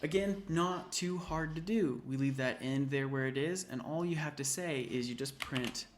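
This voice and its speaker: A man's voice: a little high, normal speed, background noise. A man tutoring an intro programming class, casually thinking aloud and correcting himself as he types through a coding walkthrough. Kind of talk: screen-recorded coding walkthrough. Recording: typing and keyboard clicks behind.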